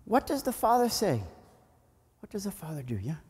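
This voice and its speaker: Priest with a fairly high voice in a church. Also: male voice, normal speed, slightly rough. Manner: animated storytelling, asks children questions. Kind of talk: children's homily at a family Mass. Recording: long church reverb.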